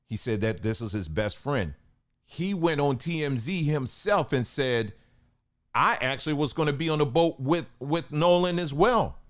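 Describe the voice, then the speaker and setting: A man's voice: on the high side, lively intonation, normal speed. Emphatic conversational male commentator. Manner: conversational, emphatic, rhetorical questions to viewers; colloquial, loose grammar. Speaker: commentary channel host. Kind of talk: casual commentary monologue.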